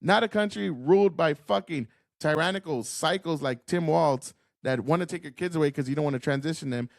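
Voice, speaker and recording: A man's voice: fairly high pitch, creaky, no room sound, studio quality. A man hosting a political commentary stream, ranting in an angry, profane, combative way.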